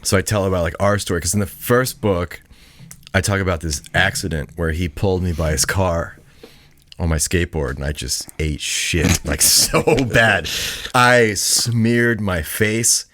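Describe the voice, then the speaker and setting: A man's voice: sits low, a little slow, a bit bright. A man appearing as a guest author on a podcast, telling stories in a laid-back way, full of "like" and swearing. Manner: laid-back storytelling, heavy swearing and filler "like". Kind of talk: casual chat.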